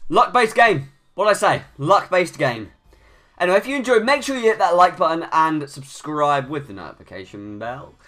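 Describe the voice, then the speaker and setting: A young man commenting live on his own gameplay with a lively, swooping delivery. His voice is bright and forceful. He talks his moves through aloud, stumbling and restarting, and rants in frustration. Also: on the high side, moderate pace. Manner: thinks aloud, restarts often, rants when annoyed. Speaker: gaming YouTuber.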